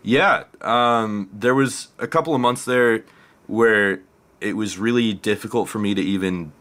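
A man's voice: lowish voice, a little slow, a bit bright. A man talking as a guest musician in a casual interview, laughing often and speaking openly about his past. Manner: laughs often, open and reflective.

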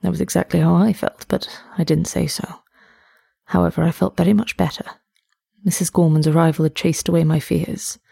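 A woman reads a story aloud at an even, measured pace. Her voice sits low and sounds gravelly and husky. The recording is dry and close. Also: no room sound. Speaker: story narrator. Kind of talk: scripted story narration.

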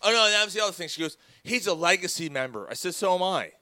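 A man's voice: high-pitched, animated, fast talker, sharp tone, no room sound. A man co-hosting a casual sports talk show, telling a long story with lots of swearing and acting out the people he quotes. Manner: profane, rambling, acts out quoted dialogue. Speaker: podcast co-host. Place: studio.

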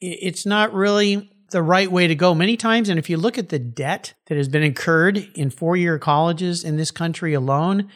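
A man's voice: high voice, normal speed, hardly any pauses. Enthusiastic male podcast host. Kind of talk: casual interview chat.

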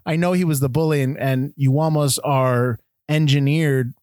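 A man's voice: on the high side, steady tone, normal speed, darkish tone, no echo, studio quality. A man co-hosting a casual movie chat, rambling with many restarts and acting out lines from the film. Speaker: podcast host.

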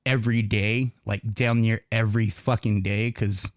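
A man's voice: on the low side, fairly even intonation, moderate pace, no room sound, clean studio sound. A man with a Southern US accent hosting a podcast, talking in a rambling, casual way with lots of fillers and laughs. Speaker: podcast host.

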